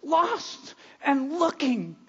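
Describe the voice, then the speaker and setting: Male pastor, high voice, earnest sermon delivery moving from hushed to loud, muffled lo-fi sound. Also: very animated, extremely slow. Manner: earnest, repeats words, swings from hushed to loud. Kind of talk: sermon with storytelling and prayer.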